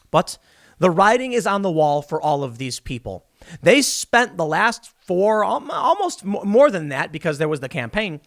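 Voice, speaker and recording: A mocking, sarcastic male commentator in his thirties holds forth alone. His voice sits fairly high, and he talks in an animated way, leaping up and down in pitch. The delivery is a casual monologue. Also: moderate pace. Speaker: political commentary host.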